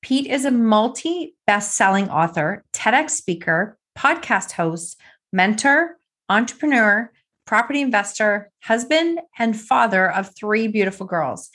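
A woman's voice: mid-range voice, lively intonation, measured pace, a bit bright. A woman hosting a podcast interview as a business coach, talking with effusive enthusiasm.

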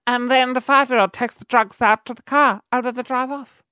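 A man's voice: very high-pitched, fairly even intonation, fairly quick, bright, forceful tone, clear, resonant tone, no echo, voice pushed up. A man voicing a chatty elderly woman in her eighties who gossips in a casual, matter-of-fact way. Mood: casually gossiping.

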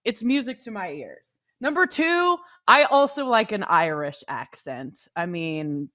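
Lively Canadian woman co-host. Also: medium pitch, a little slow. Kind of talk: casual podcast chat.

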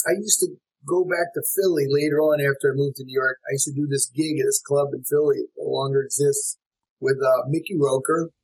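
A man who is a jazz musician and teacher, talking in a relaxed interview in a reflective way, with many fillers and restarts. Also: mid-range voice, fairly quick, slightly rough, poor audio.

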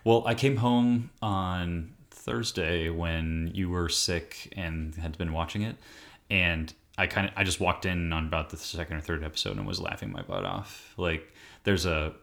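Very deep-voiced man, laid-back. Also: a little slow, creaky, fairly bright tone. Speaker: podcast co-host. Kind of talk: casual chat.

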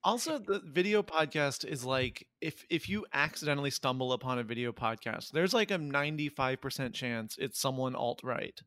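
A man's voice: mid-range voice, expressive, moderate pace, hardly any pauses, fairly bright tone, dry recording. A man co-hosting a comedy podcast, chatting casually with wry humor and frequent laughter. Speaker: podcast co-host.

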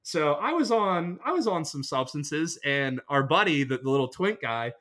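Young guy podcast host, bright forceful voice, rambly story mode. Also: on the high side, normal speed. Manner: rambling, animated, full of fillers. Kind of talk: casual storytelling chat.

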